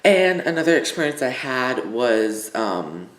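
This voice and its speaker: A man's voice: medium pitch, big pitch swings, a little slow, a bit bright. Rambling teenage boy in an echoey room. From Illinois, US. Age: teens. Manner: rambling, filler-heavy, full of "like". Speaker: vlogger. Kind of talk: casual storytelling vlog.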